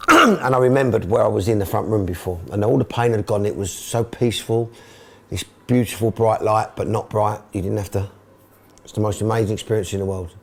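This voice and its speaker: A man's voice: on the low side, a little fast, gravelly. A middle-aged man from England, a football club owner and manager, speaking emotionally and repeating himself in a candid documentary interview.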